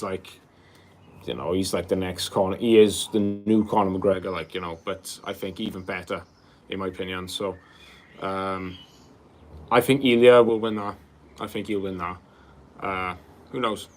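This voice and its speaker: A man in his twenties hosting a livestream, answering viewer questions in a loose, rambling casual chat, calling people bro and filling gaps with um and like. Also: fairly low pitch. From Wales. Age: 20s. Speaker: livestream host.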